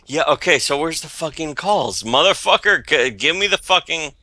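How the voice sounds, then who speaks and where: A man's voice: fairly high pitch, lively intonation, normal speed, sharp tone, dry recording. A man co-hosting a podcast, chatting loosely and swearing a lot while drunk. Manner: profane, rambling, tipsy. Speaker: podcast co-host. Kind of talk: casual chat.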